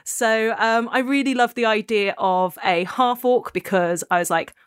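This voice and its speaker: A woman's voice: a little high, steady tone, measured pace, smooth, no room sound, studio quality. A woman chatting casually about her role-playing character, rambling and laughing often. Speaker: podcast co-host and tabletop player. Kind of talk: casual chat.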